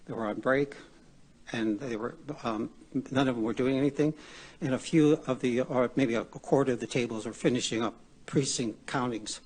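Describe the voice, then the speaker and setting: A man out of breath, giving unscripted testimony at a hearing, halting with many pauses and restarts. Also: mid-range voice, a little mellow, breathy edge. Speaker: public testimony witness.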